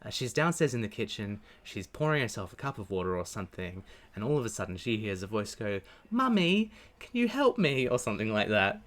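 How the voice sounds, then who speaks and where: A man's voice: fairly low pitch, fast talker, few pauses, fairly bright tone. A man co-hosting a podcast, recounting a strange experience in earnest detail. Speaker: podcast co-host. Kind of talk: casual chat.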